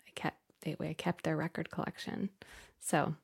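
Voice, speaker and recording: A woman's voice: low-pitched, flat delivery, moderate pace, creaky, slightly rough, in a whisper. A woman co-hosting a podcast in easy casual chat, eager and upbeat. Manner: enthusiastic, reads listener questions aloud. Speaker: podcast co-host.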